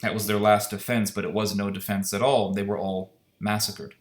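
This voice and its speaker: A man's voice: fairly low pitch, little pitch movement, normal speed. A man giving an impassioned, indignant solo opinion monologue, firing off rhetorical questions. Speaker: commentator. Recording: echoey room.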